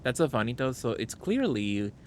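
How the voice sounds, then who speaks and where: A man's voice: mid-range voice, very animated, normal speed. A man streaming a game live, chatting casually with his viewers and rambling between greetings. His voice sits mid-range, with a faint hum of noise behind it. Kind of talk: casual live gameplay commentary.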